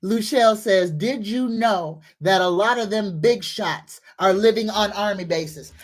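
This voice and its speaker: A woman hosting a psychic livestream, greeting viewers, reading comments and leading affirmations. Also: mid-range voice. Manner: greets viewers warmly, leads slow repeated affirmations.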